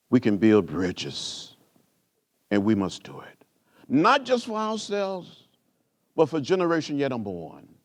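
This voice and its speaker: Here is a rural Alabama man in his seventies accepting or presenting an award at an indoor gala. What begins as a story rises into stirring oratory, carried by preacher-style rhythm, repeated phrases that keep climbing, and large pitch swings.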